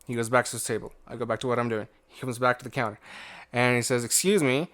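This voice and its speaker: A man's voice: mid-range voice, level tone, quick pace, pushed and bright. A young man co-hosting a podcast, telling a rambling work story in casual chat and acting out the other people's lines. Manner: rambling anecdote with acted-out quotes and laughter. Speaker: podcast co-host.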